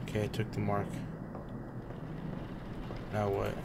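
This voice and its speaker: A young man casually commenting while he plays a horror game, excitable and talking to the screen in slang, often swearing. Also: lowish voice, slow, vocal fry, very noisy. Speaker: gaming streamer.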